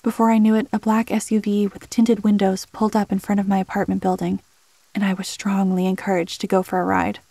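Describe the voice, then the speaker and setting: A woman voicing a hot-headed young male rookie mercenary who is quick to protest. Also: mid-range voice, level tone, warm tone, no echo, natural voice. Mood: defensive.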